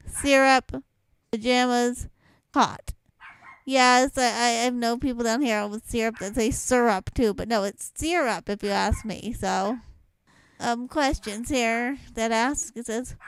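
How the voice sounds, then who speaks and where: In an accent challenge vlog filmed at home, a young vlogger rambles and laughs lightly, her light Southwest Louisiana accent coming through; she was born in Michigan but is from southwest Louisiana. Her voice has a fairly high pitch and a smooth quality. The recording is dry.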